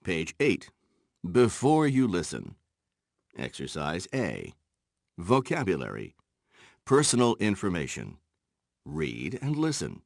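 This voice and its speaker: A man narrating textbook exercises in a slow, instructional way, with a gravelly voice. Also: deep voice, wildly swooping pitch, no echo, clean studio sound. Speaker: course narrator.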